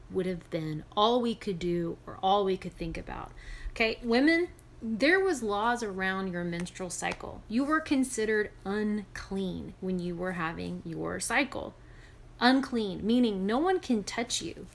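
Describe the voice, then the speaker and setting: A female Bible teacher shares a scripture story with other women. She speaks in an animated, emphatic, conversational way. Her mid-range voice has a gravelly texture. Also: medium pitch.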